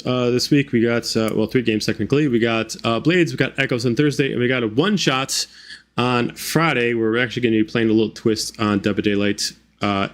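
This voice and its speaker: A man hosting as dungeon master in a tabletop game, talking casually with halting speech full of fillers. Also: mid-range voice, fairly bright tone.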